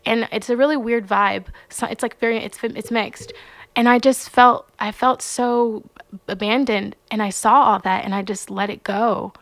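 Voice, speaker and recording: A fairly high-pitched young woman talks through her memories as a podcast guest, lively and unscripted. She leans on "like" and slips into the voices of the people in her story. The sound is dry and close, with no room around her. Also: moderate pace, no room sound. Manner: animated, acts out quoted voices, frequent "like". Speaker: podcast guest, singer-songwriter. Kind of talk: casual storytelling interview.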